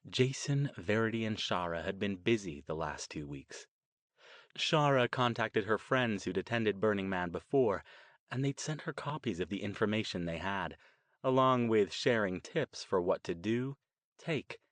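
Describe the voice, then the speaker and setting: A man reading an audiobook as narrator with steady, even storytelling. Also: lowish voice, measured pace, dry recording. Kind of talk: scripted narration.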